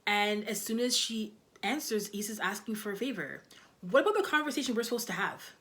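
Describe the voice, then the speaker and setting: A woman's voice: medium pitch, expressive, a little fast, a bit bright. A young woman casually reviewing TV episodes, talking loosely with lots of "like" and "you know". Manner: chatty, loose, heavy on fillers like "like" and "you know". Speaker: TV show reviewer.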